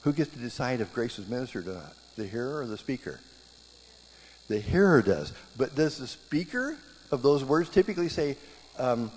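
A middle-aged man preaching a sermon, telling stories in a lively way and jumping up in pitch when he acts out scenes. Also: moderate pace. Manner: animated storytelling, voice jumping up in reenactments. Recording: hall reverb with faint background hum.

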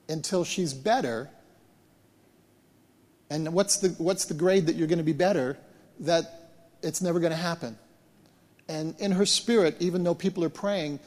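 Man, pastor, animated storytelling sermon, stumbles and repeats words, higher voice. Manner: animated, repeats and restarts words while retelling events. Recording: long hall reverb.

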